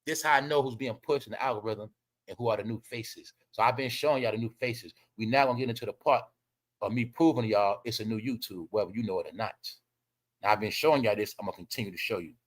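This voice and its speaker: A man's voice: fairly low pitch, quick pace. A man hosting his own livestream, giving blunt, profane, mocking commentary and repeating his points. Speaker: livestream host.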